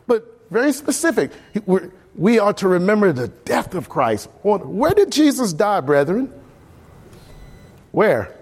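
Animated, high-pitched male preacher. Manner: earnest, exhorting, swings between emphatic and low. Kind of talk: sermon.

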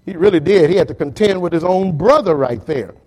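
Animated preacher man, lively pitch. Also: a little fast, rough recording. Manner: animated preaching, talks straight to the congregation. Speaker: pastor. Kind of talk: sermon.

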